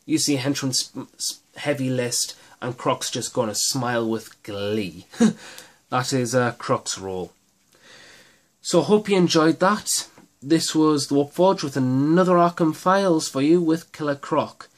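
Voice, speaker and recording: A man's voice: medium pitch, lively intonation, a little slow. A man hosting his own miniatures gaming channel, talking through tactics in a casual, rambling and enthusiastic way with many restarts.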